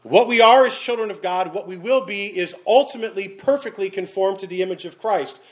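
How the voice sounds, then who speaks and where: A man delivering a sermon in a fairly high voice. He preaches earnestly, slowing down for weight and pausing for effect. He drifts into casual storytelling with small restarts. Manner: earnest preaching with dramatic pauses and sudden slowdowns. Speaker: pastor.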